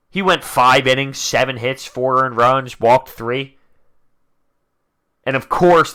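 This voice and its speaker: A man ranting as host of a fan reaction video, frustrated, dropping into low grumbles and then breaking into loud outbursts. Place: indoors, talking to camera.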